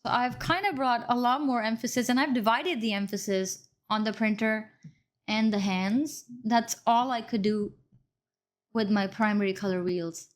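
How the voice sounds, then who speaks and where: A video editing instructor walks through color grading step by step in a screen-recorded tutorial, apologizing for and correcting her slips along the way. Her voice is a little high, with a steady tone and moderate pace.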